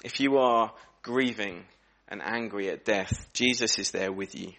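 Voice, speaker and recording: A man preaching a sermon in a church, earnest and reflective, slowing down and dropping his voice for emphasis. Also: on the low side, fairly bright tone. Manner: earnest, reflective, varies pace and volume for emphasis.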